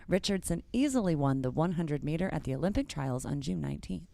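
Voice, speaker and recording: A woman's voice: low-pitched, expressive, fast, gravelly, warm tone, no room sound. A woman co-host reading news headlines between light banter and laughter. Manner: laughs often, light reactions.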